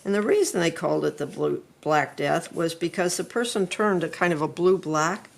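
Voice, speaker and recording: A middle-aged woman, an art teacher, talking through a drawing lesson in an unhurried, chatty way while she sketches. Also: fairly low pitch, lively intonation, creaky.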